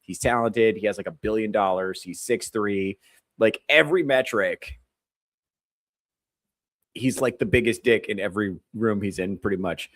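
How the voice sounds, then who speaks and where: A man's voice: fairly low pitch, normal speed, a bit bright, no room sound. A man hosting a comedy podcast, ranting with crude, sarcastic mockery. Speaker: podcast host. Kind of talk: comedic commentary rant.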